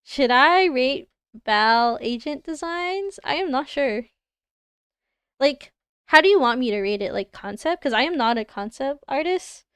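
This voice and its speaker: A woman's voice: high-pitched, expressive, unhurried, fairly bright tone, clear, resonant tone, no echo, clean studio sound. A young woman with a Canadian accent, chatting casually and giggling as she reacts to viewers on a livestream. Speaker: livestreamer reviewing design work.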